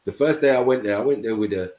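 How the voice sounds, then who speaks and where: Casting note: very low male voice, casual storyteller, echoey room. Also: quick pace, darkish tone. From England. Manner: storytelling, keeps checking in with "you know what I mean". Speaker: panel host. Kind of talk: casual panel chat.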